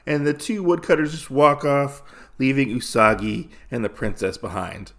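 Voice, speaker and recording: A man's voice: mid-range voice, normal speed. A man hosting a podcast, casually recapping a comic story with lots of fillers and restarts. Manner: rambling, filler-heavy storytelling. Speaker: podcast host.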